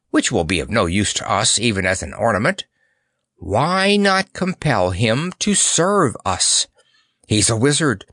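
A man voicing a calm, clever male court chamberlain who speaks in a measured way. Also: mid-range voice, dry recording, clean studio sound, full character voice.

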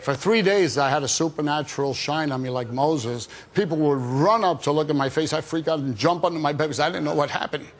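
A man with a fairly high voice tells his story in a rush of excitement as a guest on a Christian TV talk show. He then turns to fervent preaching and prayer. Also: fairly quick, few pauses. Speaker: evangelist guest.

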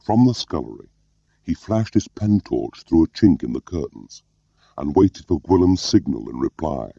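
A man narrating an audiobook in a measured, even way, in a muffled recording. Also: very deep voice, gravelly, no room sound. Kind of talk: scripted narration.

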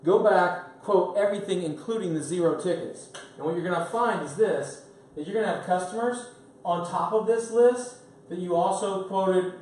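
A middle-aged man coaching business owners at a training seminar, blunt and energetic, pressing his points hard. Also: on the high side. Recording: echoey room from far off, faint noise.

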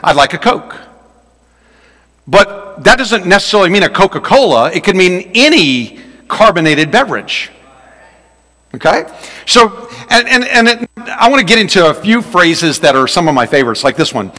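A man's voice: sits high, very animated, moderate pace, sharp tone. A man preaching a sermon as pastor, joking and folksy as he tells stories. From Louisiana. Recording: long reverb of a large hall.

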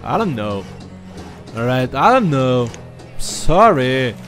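A man's voice: mid-range voice, big pitch swings, slow, a bit bright, soft background music. A man whose first language is German, giving rambling, profane, self-mocking commentary while playing a game. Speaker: gaming commentator. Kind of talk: casual let's-play commentary.

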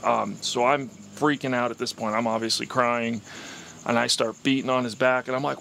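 A man's voice: medium pitch, steady tone, normal speed, vocal fry, a bit bright. A young man, a vlogger, telling an emotional personal story in a rambling way with many fillers.

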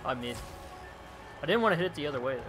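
An excitable young man talks over his live game stream, his high bright voice jumping all over as he reacts to plays and chats with viewers. He calls everyone dude. Faint game music runs behind him. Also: racing. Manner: excitable, chatty, reads chat aloud, calls viewers dude. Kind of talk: live gameplay streaming commentary.

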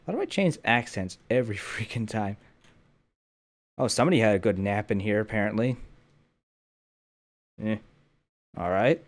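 Slow, animated young man playing a game. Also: lowish voice, vocal fry. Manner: jokey running self-talk. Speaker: gaming channel host. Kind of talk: gameplay commentary. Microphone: headphones with mic.

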